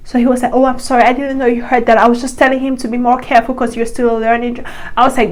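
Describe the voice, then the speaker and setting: A young woman vlogging a storytime to her viewers, with a slightly high voice. She rambles in a casual, chatty way, exasperated and padded with fillers as she retells what happened. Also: fairly even intonation, fast, poor audio.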